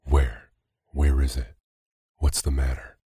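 A man's voice: very deep voice, steady tone, slow pace, warm tone, husky, dry recording, studio quality, full character voice. A man reading a shaken, fearful old husband. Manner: unsteady, faltering.

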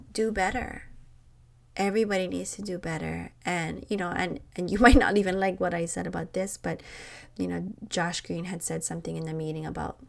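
A woman talks unscripted on her podcast, pleading and passionate. Her voice sits a little low with a gravelly fry. She presses hard on her points. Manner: passionate, pleading, rising to emphatic. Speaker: podcast host. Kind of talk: unscripted personal talk.

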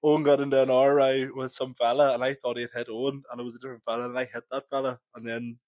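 A man's voice: mid-range voice, little pitch movement, fast, a little mellow, dry recording. A young man, recalling a night out in a rambling, filler-heavy casual chat. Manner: rambling recollection, many fillers. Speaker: podcast co-host.

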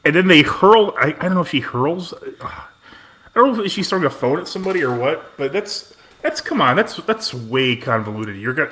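A man's voice: fairly high pitch, sing-song, fairly quick, a bit bright. A man co-hosting a casual podcast, sarcastic and profane, mocking the stories he reads with exaggerated quotes. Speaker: podcast co-host.

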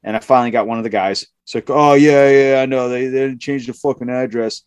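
A man's voice: medium pitch, a little fast, smooth, dry recording. A man in casual chat, telling a profane work story and acting out the people in it. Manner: profane, animated storytelling, acts out quotes in raised voices.

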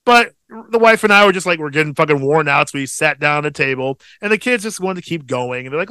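A man's voice: a little high, fast, hardly any pauses, smooth, no echo. A man in his thirties co-hosting a podcast, telling a family story casually and swearing freely. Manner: animated storytelling, swears a lot. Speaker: podcast co-host. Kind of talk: casual chat.

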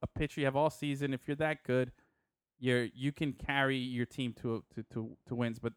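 A man's voice: mid-range voice, little pitch movement, moderate pace, clear, resonant tone, no echo, clean studio sound. A man co-hosting a casual talk show, joking loosely and often stumbling over repeated words. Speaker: podcast co-host. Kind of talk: casual chat.

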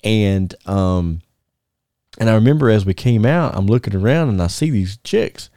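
A man's voice: lowish voice, moderate pace, no room sound, studio quality. A man, a former wrestler telling stories on a casual podcast, laughing often and restarting his sentences. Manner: animated, laughing storyteller with many restarts. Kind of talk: casual storytelling chat.

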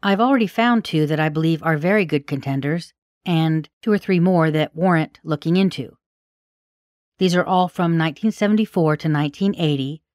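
A middle-aged woman hosting a podcast, reading a scripted true-crime narration in a measured, analytical way and giving her own opinions on the case. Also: low voice, darkish tone, faint music behind. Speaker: podcast host and case researcher.

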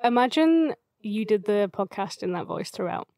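A woman's voice: mid-range voice, expressive, normal speed, gravelly, mellow, no echo, studio quality. A young woman co-hosting a podcast, teasing and playful in casual chat. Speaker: podcast co-host.

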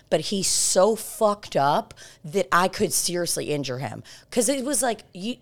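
Lady podcaster spinning a wild story, swears a ton, lowish voice. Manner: animated and profane. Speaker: podcast host. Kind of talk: casual storytelling.

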